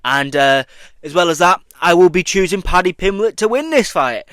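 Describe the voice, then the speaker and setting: A young man gives a casual reaction vlog in a fairly high, clear voice. He is profane and mocking and gets worked up as he goes. The sound is dry and up close, with no room behind it. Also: lively intonation, moderate pace, a bit bright, no echo. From Britain. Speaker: YouTuber commentating on combat sports.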